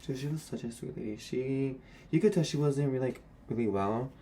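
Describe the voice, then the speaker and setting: A man's voice: mid-range voice, brisk, warm tone, slight background noise. A young man, a former retail worker, speaking to camera in a candid, sassy and blunt rant about old coworkers.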